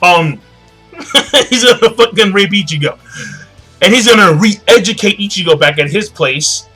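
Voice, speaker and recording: High, bright-voiced young man rambling. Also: animated, measured pace, husky, soft background music. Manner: rambling, profane, repeats himself. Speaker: manga reviewer. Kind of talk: casual chapter recap.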